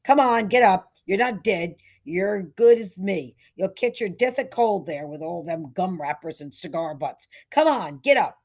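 A woman's voice: medium pitch, lively intonation, normal speed, creaky, voice pushed up. A woman reading aloud, voicing a whiny, bossy small-town sheriff.

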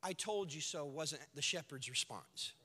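A man's voice: fairly high pitch, unhurried, sharp tone, breathy edge, long reverb tail. A man preaching a sermon as pastor, telling a parable with dramatic storytelling and acted-out voices.

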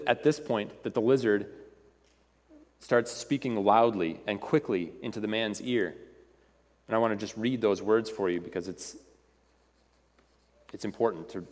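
A man's voice: fairly low pitch, normal speed, long pauses, a little mellow, in a large hall. A man preaching a sermon in an earnest, repetitive way, often restarting his phrases.

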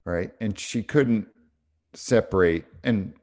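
Brief: middle-aged man, deeper voice, podcast co-host, thoughtful storyteller who hesitates and restarts. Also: slow, darkish tone. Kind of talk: casual spiritual podcast talk.

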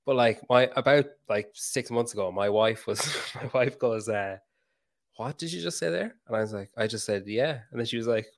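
A man's voice: fairly low pitch, fairly even intonation, brisk, few pauses. A man in his thirties chatting casually about parenting, rambling and self-mocking, swearing freely. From Ireland. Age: 30s. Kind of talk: casual chat.

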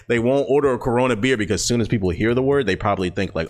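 An American man hosting a solo podcast, talking loosely with lots of fillers and swearing, swinging between excited bursts and low mutters. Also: rapid-fire, hardly any pauses. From United States. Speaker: podcast host. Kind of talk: casual solo podcast monologue.

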